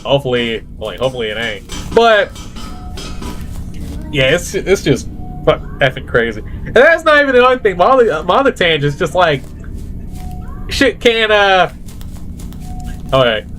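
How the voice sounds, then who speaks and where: A man's voice: on the high side, sing-song, moderate pace, pauses often, a bit bright, soft background music. A young man vlogging in a rambling, casual monologue, full of fillers and tangents.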